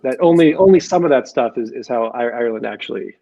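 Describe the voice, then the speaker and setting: A man's voice: mid-range voice, animated, fast talker, vocal fry, warm tone, highs cut off, a little hiss or hum. An American man, a comedian, chatting casually on a video call and rambling through restarted sentences. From United States. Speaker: comedian guest.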